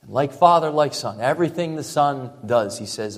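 A male pastor preaching a sermon, emphatic, dropping to a hush for effect and piling up repeated phrases. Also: mid-range voice, animated, moderate pace, hardly any pauses. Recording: long reverb from a large hall.

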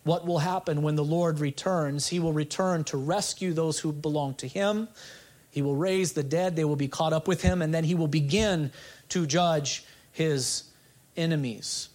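A man's voice: fairly high pitch, moderate pace, a little mellow. A male pastor preaching an expository sermon, earnest, asking the congregation rhetorical questions.

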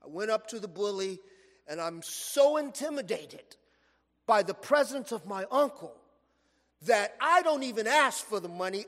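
A man from Los Angeles, USA preaches a sermon in church with a high voice at a moderate pace. He tells stories animatedly and stretches phrases for emphasis, and the large hall gives the recording a long reverb.

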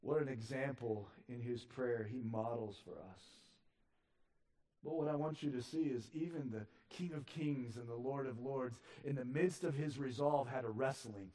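A man preaching a sermon as pastor, moving between loud emphatic passages and hushed, low ones. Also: moderate pace.

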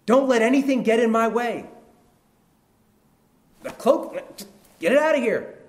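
A man voicing a desperate blind male beggar who cries out loud and high, pleading. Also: lively intonation, unhurried.

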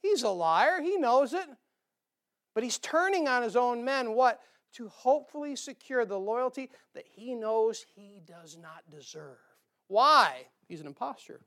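Man preaching a lively sermon. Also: very high-pitched, measured pace. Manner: animated preaching, acts out quoted voices, quiet asides. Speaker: pastor.

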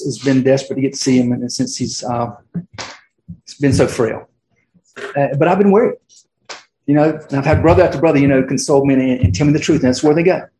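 A man's voice: mid-range voice, a little mellow. A middle-aged man preaching a sermon as pastor, casual and conversational, full of fillers and restarts. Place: church sanctuary. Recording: roomy church echo.

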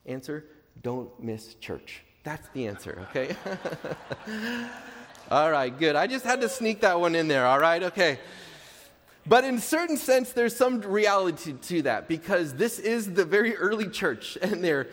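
Male pastor, lively pitch, conversational sermon, long hall reverb. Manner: conversational, jokey, emphatic repetition.

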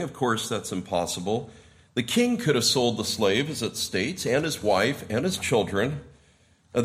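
Male pastor, sermon, explains word meanings, gets louder when quoting the characters. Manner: rises in pitch and volume when quoting the characters.

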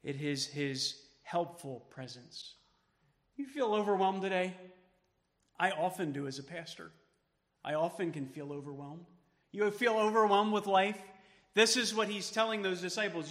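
A man preaching a sermon as pastor, emphatic, then dropping to soft tones for quoted words of comfort. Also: sits high, a little slow, in a large hall. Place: church sanctuary.

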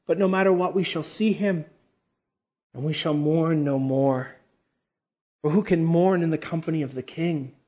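A fervent male preacher with a high voice delivers a sermon, rising to loud exclamations and then sinking into hushed, slow passages. He draws out important words for emphasis. The recording is dull and lo-fi.

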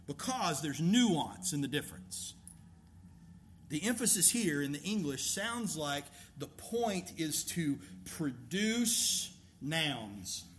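A man preaching a sermon as a pastor, emphatic and animated, asking rhetorical questions. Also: on the high side, slow pace, a little hiss or hum.

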